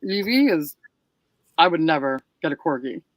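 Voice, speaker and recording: A man in casual chat who chimes in quickly and briefly. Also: a little high, expressive, no room sound, poor audio.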